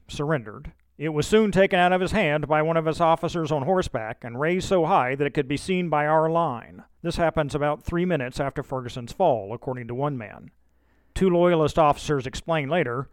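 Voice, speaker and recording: A man narrating history from a script in a measured storytelling manner. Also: on the high side, no room sound.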